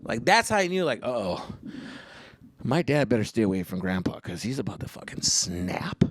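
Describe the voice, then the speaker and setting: A man's voice: mid-range voice, big pitch swings, moderate pace, no echo. A man in his thirties hosting a podcast and casually telling a story, loose and heavy on profanity. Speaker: podcast host.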